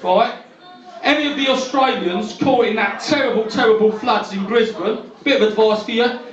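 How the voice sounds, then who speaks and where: A man's voice: high-pitched, normal speed, far from the mic. A man with a London accent doing stand-up as a brash, cheeky cab driver in a pub comedy venue. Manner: brash, cheeky, leaning on tag questions. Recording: dull roomy club recording from afar.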